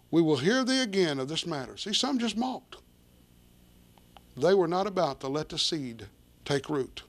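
A man preaching a sermon, reading scripture aloud and explaining it plainly to his listeners. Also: high voice. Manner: reads scripture in old-fashioned wording, then explains it plainly to listeners; addresses listeners directly as folks.

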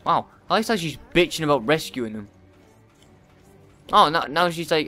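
A man giving profane let's play commentary, often yelling at the game in frustration. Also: fairly high pitch, animated, normal speed, pauses often, faint music behind. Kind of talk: gameplay commentary.

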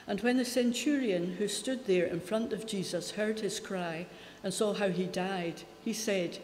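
A woman reading a Bible passage aloud in a church service, in a steady, measured way. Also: medium pitch, a little hiss or hum. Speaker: scripture reader. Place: church hall. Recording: echoey church from a distance.

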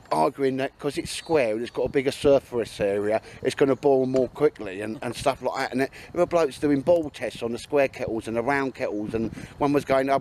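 A middle-aged vlogger chats casually to camera outdoors in the woods, rambling and laughing at his own stories. His voice is medium in pitch and a little mellow.

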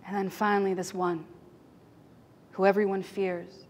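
A woman giving a talk on stage, telling emotional stories dramatically and swinging between loud passages and hushed ones. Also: medium pitch, flat delivery, measured pace, a little hiss or hum. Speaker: speaker.

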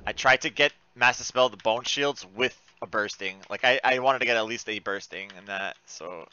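Bright, swearing man playing a game. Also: mid-range voice, moderate pace, dull audio, a little hiss or hum. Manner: swears a lot, frantic outbursts and mutters. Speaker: gaming streamer. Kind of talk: live gameplay commentary.

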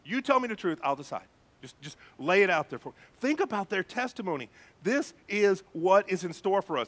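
A male pastor preaches with animated emphasis and often addresses the congregation directly. His voice sits high for a man. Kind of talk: sermon.

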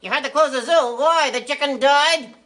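A man voicing a cheeky, wisecracking boy ventriloquist dummy in a squeaky, teasing tone. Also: moderate pace, bright, forceful tone.

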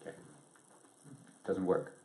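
A man giving a seminar presentation to an audience, lively and joking in a conversational way. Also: slow pace. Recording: echoey room, distant mic.

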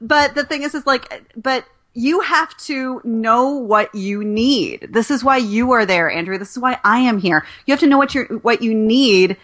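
A woman's voice: on the high side, moderate pace, hardly any pauses, a bit bright. A woman in her forties, a relationship coach guesting on a podcast, talking bluntly and emphatically. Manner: blunt, emphatic, swears freely. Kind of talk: casual podcast chat.

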